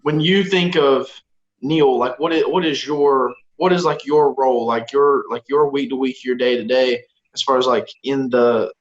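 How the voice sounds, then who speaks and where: A man's voice: mid-range voice, steady tone. A man interviews a guest in a casual podcast, groping for his question with many "like"s and restarts. He sits a bit back from the mic. The sound is muffled and lo-fi. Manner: halting, full of "like".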